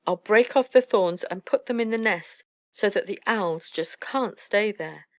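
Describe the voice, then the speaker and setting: A woman's voice: medium pitch, unhurried, dry recording, natural voice. A woman voicing a mischievous little boy who pretends to be an elf, impish and sing-song. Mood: plotting.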